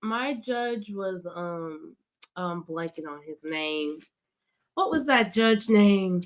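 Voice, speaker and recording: A young woman co-host with a mid-range voice talks slowly with lively intonation. Her casual chat rambles, giggly and packed with fillers.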